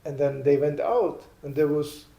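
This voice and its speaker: A man gives an animated storytelling sermon, acting out quotes in a raised voice. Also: a little high, normal speed, gravelly, muffled recording. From Sweden. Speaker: spiritual lecturer. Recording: echoey room.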